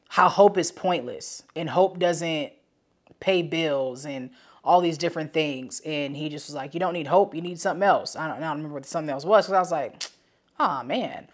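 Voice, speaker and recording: A woman talks solo on her motivational podcast, preaching with conviction in a loose, slangy way. She circles back to her points and repeats them for emphasis, sometimes with a catch of feeling in her voice. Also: deep voice. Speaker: podcast host.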